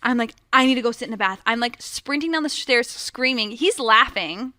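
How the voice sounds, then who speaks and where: A young woman with a bright, slightly high voice tells a frank personal story in casual chat. She talks loosely, laughs often, and leans on "like" and "dude". The sound is dry and close. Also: fairly quick, no echo. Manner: candid, laughing, lots of "like" and "dude". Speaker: guest.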